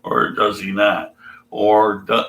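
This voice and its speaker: A man's voice: lowish voice, monotone, takes it slowly, a bit bright, reverberant, poor audio. A man ranting sarcastically and profanely while reading scripture aloud. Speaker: atheist video commentator.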